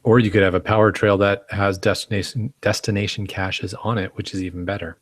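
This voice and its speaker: Podcast co-host, male, low voice, dry close mic, chatty and upbeat. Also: level tone, brisk, dry recording. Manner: chatty, enthusiastic storyteller. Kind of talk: casual podcast chat.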